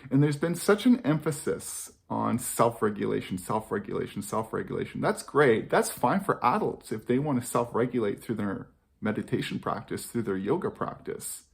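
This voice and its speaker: A man's voice: medium pitch, big pitch swings, normal speed, creaky. A man talking earnestly to camera about parenting, repeating key phrases for emphasis. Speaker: parenting educator. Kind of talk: reflective talk to camera.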